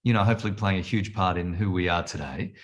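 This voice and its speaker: A man's voice: low-pitched, fast. A man in his fifties with an Australian accent, a TV presenter telling stories as a guest in a casual chat. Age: 50s. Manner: jokey storyteller, animated retelling of conversations. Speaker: television presenter and author, guest.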